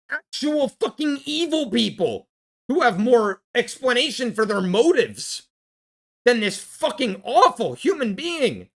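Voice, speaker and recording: A vlogger ranting in a casual film review, angry and blunt, swearing heavily and restarting when worked up. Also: mid-range voice.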